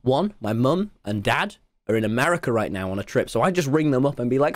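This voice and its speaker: A British man streaming, telling a story to his chat in an excitable, laughing way that breaks into shouts. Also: mid-range voice, quick pace, no room sound.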